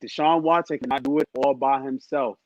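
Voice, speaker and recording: A man co-hosting a casual sports podcast, emphatic and quick to laugh and tease. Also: medium pitch, steady tone, darkish tone, no room sound, dull audio. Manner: laughs often, emphatic, teasing. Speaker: podcast co-host.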